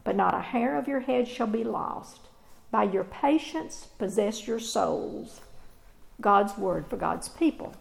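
A woman pastor reading scripture and preaching a sermon in a measured, earnest way with deliberate pauses. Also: mid-range voice, lively intonation, creaky, low-quality recording.

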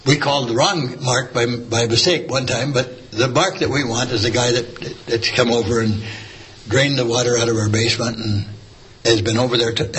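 A man tells a story in a loose, rambling way, filling gaps with "uh" and restarting his sentences. His voice sits in an ordinary middle pitch. A faint hiss runs under the recording. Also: a bit bright, low-quality recording. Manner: rambling, full of fillers and restarts. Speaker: church member sharing a testimony. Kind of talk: casual storytelling.

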